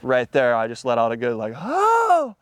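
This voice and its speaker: Laid-back young surfer man, smooth voice. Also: mid-range voice, fast, no room sound. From Hawaii. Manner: laid-back surfer slang, swears a lot, excitable retelling. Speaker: surfer interviewee. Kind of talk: casual storytelling.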